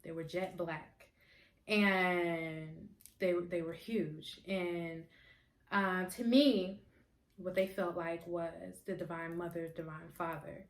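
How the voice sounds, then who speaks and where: In an echoey room, a holistic healer from the United States tells a personal spiritual story, earnest and emotional, repeating herself a lot. Her voice is fairly low, slow, and fairly even in intonation.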